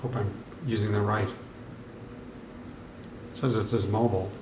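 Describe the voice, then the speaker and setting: A man's voice: fairly low pitch, little pitch movement, moderate pace, noisy background. A man hosting a live lounge show from the piano. He chats casually, jokes and laughs easily. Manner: jokey, chatty, laughs easily. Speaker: show host and lounge pianist. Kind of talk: casual live-stream chat. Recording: echoey room with faint piano music.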